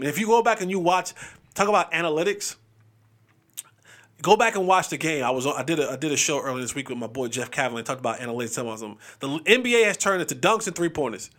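A young adult man hosting a casual sports podcast, joking, animated and restarting his sentences often. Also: high-pitched, fast talker. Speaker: podcast host.

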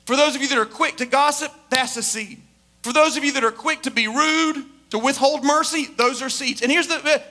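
A male pastor delivers an emphatic sermon from a church stage. His voice sits very high and rings bright and forceful. He drives home each point with rhetorical questions and repetition.

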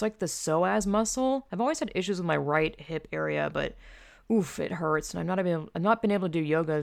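A woman's voice: deep voice, gravelly, no room sound, studio quality. A woman telling stories in a loose, rambling monologue, full of fillers and casual swearing.

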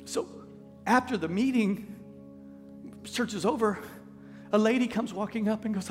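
A man with a drawl preaches in a lively, folksy way, and he acts out the people in his stories. His voice sits high for a man. It carries through a reverberant church hall with faint music underneath. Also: measured pace, long pauses. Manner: folksy, animated, acts out quotes. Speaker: pastor. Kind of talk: storytelling sermon. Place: church sanctuary.

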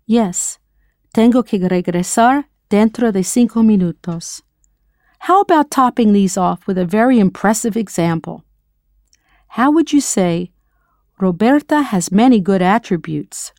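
A woman's voice: medium pitch, animated, unhurried, a little mellow, no room sound, studio quality. A woman narrating a scripted audio language lesson, quizzing the listener with playful questions. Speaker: language teacher.

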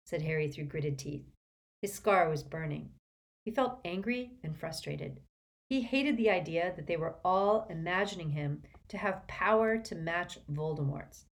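A woman narrating a storybook in an expressive reading style. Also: low voice. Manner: expressive, shifts voices for characters. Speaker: audiobook narrator.

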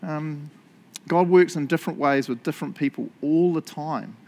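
A man preaching a sermon in a jokey, animated way, laughing often and checking in with his listeners. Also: fairly high pitch, normal speed, creaky.

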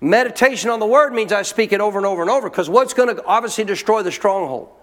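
A man's voice: sits high, quick pace, a bit bright. A man preaching a sermon as pastor, emphatic, driving his points home with rhetorical questions. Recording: long hall reverb.

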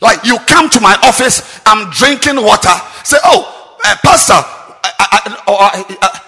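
High, bright-voiced preacher. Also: male voice, a little slow. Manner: forceful, repeats rhetorical questions, bursts into shouts. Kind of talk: sermon. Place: large cathedral. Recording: long cathedral reverb.

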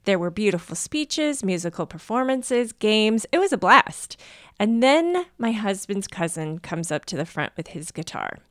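A woman co-hosting a podcast, reading a listener's story aloud in an animated way and laughing often. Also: medium pitch, moderate pace, dry recording, studio quality.

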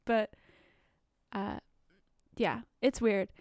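A woman's voice: medium pitch, steady tone, extremely slow, darkish tone, no echo, clean studio sound. A young woman co-hosting a podcast, chatting casually and rambling with lots of fillers. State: has the hiccups. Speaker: podcast co-host. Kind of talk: casual chat.

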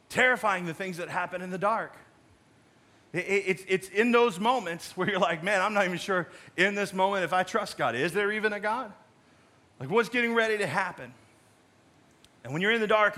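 A man preaching a sermon in a conversational storytelling way, dropping to quiet dramatic moments. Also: sits high. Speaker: pastor.

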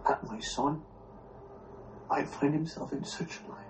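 Grieving young father, brooding, low heavy delivery, drama clip, distant mic. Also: slow pace, noisy background. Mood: bitter. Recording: distant clip with music under it.

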